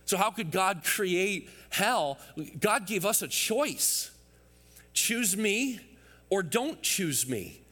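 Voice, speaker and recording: A man's voice: sits high, pushed and bright, big-room sound. A man in his thirties preaching a sermon as pastor, emphatic and building through repeated phrases, with asides to the congregation.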